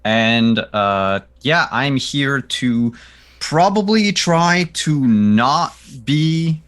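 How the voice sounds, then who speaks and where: A man's voice: medium pitch, expressive, very slow, fairly bright tone, smooth. A man introducing himself as a player, hesitant and a little nervous. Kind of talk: casual chat.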